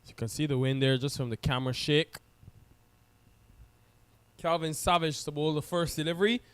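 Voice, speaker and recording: Man in live cricket commentary, smooth voice. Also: a little high, moderate pace. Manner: chatty, teasing co-commentator.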